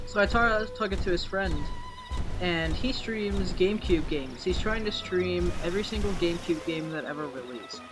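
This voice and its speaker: Chatty, excitable streamer with game music behind. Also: medium pitch, moderate pace. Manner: chatty storyteller, swears freely, gets loud and excited. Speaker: Twitch streamer. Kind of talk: casual chat while streaming a game.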